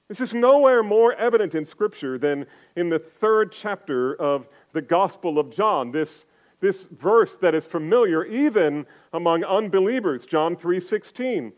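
Older male preacher, fairly high voice, very slow deliberate delivery, dull lo-fi recording. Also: lively intonation. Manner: slow, emphatic preaching, rising loud on key phrases and dropping to near-quiet asides. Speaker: pastor. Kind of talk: sermon.

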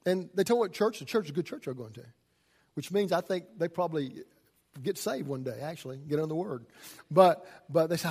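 A man preaching a sermon as a pastor, folksy and swinging from loud emphasis to hushed asides. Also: a little high, animated, brisk, husky.

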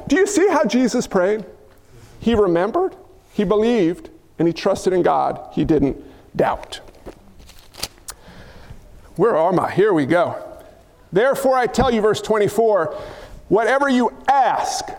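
A man's voice: high voice, lively intonation, a little slow, pauses often, darkish tone. A man preaching a sermon in a church, talking in a conversational way with rhetorical questions and jokes for the congregation. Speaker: pastor. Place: church sanctuary. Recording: hall reverb.

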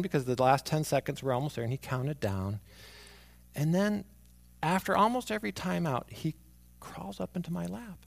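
A man preaching a sermon, moving from hushed, near-whispered lines to emphatic ones as he tells stories about his young son. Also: a little high, animated, a little fast, gravelly. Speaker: pastor.

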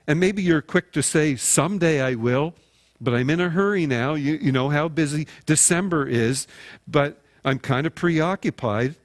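A man, a pastor, delivering a sermon in a conversational storytelling way, acting out imagined dialogue with his listeners. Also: mid-range voice. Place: recorded without in-person congregation.

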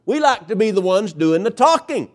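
A male pastor preaching a sermon, emphatic, with dramatic pauses and swings in pitch. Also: sing-song.

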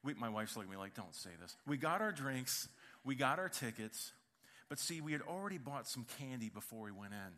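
A middle-aged man preaching a sermon, telling funny family stories in an animated, joking way. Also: medium pitch, brisk. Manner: animated storytelling with humor. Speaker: pastor.

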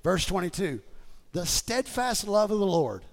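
A man preaching a sermon, leading the congregation in call and response and building to emphatic, shouted lines. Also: very animated, a little slow. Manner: emphatic preacher, swings from low asides to shouting. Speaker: pastor.

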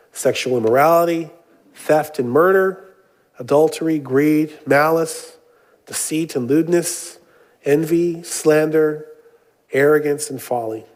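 A man's voice: on the high side, a little mellow. Man preaching with casual asides. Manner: reads scripture aloud, then explains it with casual asides and jokes; frequent "uh" and "um" fillers. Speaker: pastor. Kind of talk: sermon.

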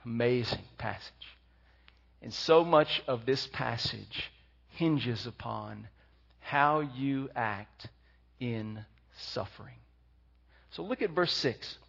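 A man preaching a sermon, reading scripture slowly and then speaking with rising energy. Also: mid-range voice, lively intonation, vocal fry, a bit bright, slightly rough, muffled recording. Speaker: pastor.

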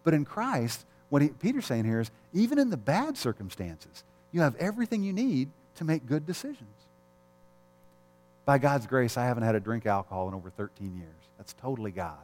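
A man's voice: mid-range voice, big pitch swings, brisk, darkish tone, faint music behind. A middle-aged man, a pastor, preaching a sermon in a candid, conversational way, telling personal stories and often chuckling. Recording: long reverb of a large hall.

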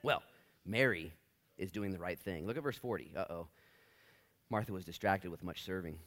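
A man preaching a sermon in a church, animated and joking, acting out short voices. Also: low voice, normal speed. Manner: animated, jokey, acts out voices in bursts. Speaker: pastor.

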